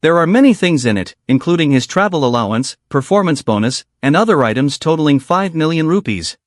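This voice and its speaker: A man reads out a story recap as scripted narration, in a brisk plot-summary manner. His voice sits slightly high and moves up and down lively. The recording is close and dry. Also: dry recording.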